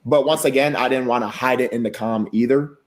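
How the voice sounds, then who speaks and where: A man's voice: mid-range voice, steady tone, brisk. A man with a mid-range voice talks on a casual livestream. He sounds subdued and serious, circling back over the same point several times.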